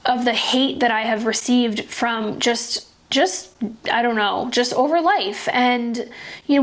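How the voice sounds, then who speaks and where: A young woman hosting a podcast, talking earnestly and emotionally about faith and kindness, often restarting her sentences. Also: a little high. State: tearful at times. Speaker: podcast host. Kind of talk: personal faith-based podcast talk.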